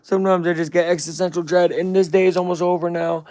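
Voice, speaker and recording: In casual live-stream commentary, a young American man reacts to a broadcast, rambling, joking, using slang and saying "bro" a lot. His voice is high and a little mellow, his delivery flat and quick.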